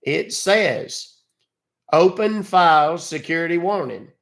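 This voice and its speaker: A man's voice: a little high, lively intonation, takes it slowly, a bit bright. An older man on a live call, stalling a scammer in a folksy, exasperated way. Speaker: scam-baiting streamer.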